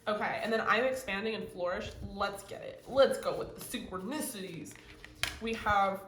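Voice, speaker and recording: A woman giving a casual pick-a-card tarot reading, gushing excitedly and swearing casually as she pulls cards. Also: mid-range voice, normal speed. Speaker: tarot reader. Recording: roomy echo with faint ambient noise.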